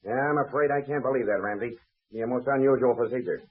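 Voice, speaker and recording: A man plays a stern male government inspector who grills his suspects in curt, suspicious questions. The voice is husky and sits at a middle pitch. It comes through a tinny, muffled 1940s radio recording. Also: fast, natural voice.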